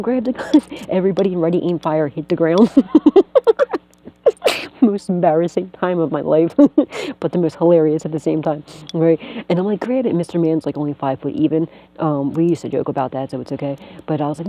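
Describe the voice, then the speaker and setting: A woman's voice: low voice, warm tone, slight background noise, poor audio. A woman vlogger and tarot reader, telling a story casually, laughing often, swearing freely and acting out what others said. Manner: acts out quoted voices.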